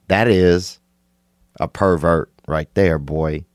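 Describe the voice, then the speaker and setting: A man, hosting a podcast and rambling through an absurd comic monologue, laid-back with sudden excited bursts. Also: low-pitched, slow, no room sound, clean studio sound. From Louisiana. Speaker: podcast host.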